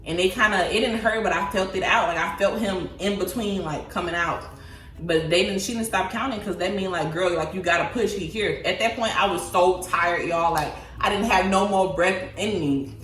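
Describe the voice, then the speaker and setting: A woman in her twenties casually telling a personal story to her viewers, chatty and animated. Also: medium pitch, normal speed. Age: 20s. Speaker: vlogger. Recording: echoey room, voice a bit far from mic, faint music.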